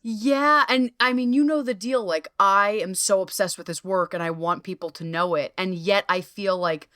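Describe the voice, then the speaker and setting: Woman host, casual podcast chat, lively and profane, acts out quotes, dry close mic. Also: mid-range voice, normal speed, no echo. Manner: animated, swearing, quoting herself in playful voices. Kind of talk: casual conversational interview.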